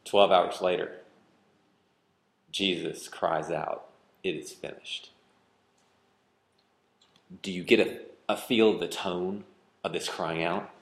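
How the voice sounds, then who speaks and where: A man preaching a sermon, questioning the congregation and swinging from loud outbursts to hushed delivery. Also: deep voice, steady tone, slow pace, gravelly, pauses often. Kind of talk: interactive sermon. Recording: roomy reverberant hall.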